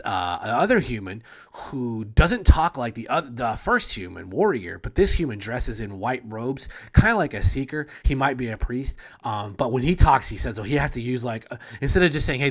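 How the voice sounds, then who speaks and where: A man's voice: mid-range voice, lively intonation, moderate pace, few pauses. A man narrating a tabletop game as game master, rambling casually, swearing and trailing off mid-sentence.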